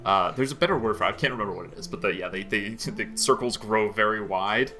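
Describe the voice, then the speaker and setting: A man's voice: lowish voice, fast talker, soft background music. Laughing man running a tabletop game. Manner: laughs often, relaxed rulings. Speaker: game master.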